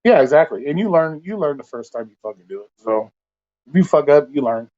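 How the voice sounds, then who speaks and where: A man's voice: fairly high pitch, expressive, brisk, darkish tone, dull audio. A man hosting a casual livestream, ranting bluntly with heavy profanity and exasperation. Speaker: livestream host.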